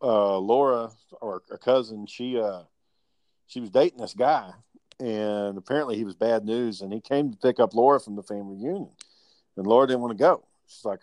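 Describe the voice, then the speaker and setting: A man's voice: lowish voice, normal speed, a little mellow, no room sound. A young man, telling rambling, profane family stories in casual chat with his brother.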